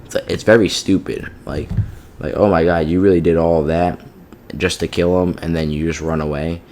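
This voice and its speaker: A man's voice: sits low, steady tone, moderate pace, a little mellow. A man giving a casual, profane review of a TV show, exasperated and peppered with "like" and "you know what I mean".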